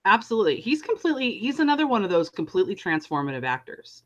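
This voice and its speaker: A woman's voice: mid-range voice, very animated, quick pace, dull audio. A woman co-hosting a podcast in casual chat, talking in an emphatic, enthusiastic way. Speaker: podcast co-host.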